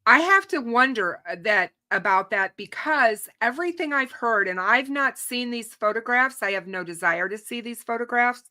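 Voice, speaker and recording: A woman hosting a true crime show, giving opinionated unscripted commentary to her audience, often restarting her sentences, her voice starting to go and clearing her throat. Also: a little high, expressive, normal speed, few pauses, sharp tone. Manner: opinionated, frequent restarts and repeated words. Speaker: true crime channel host.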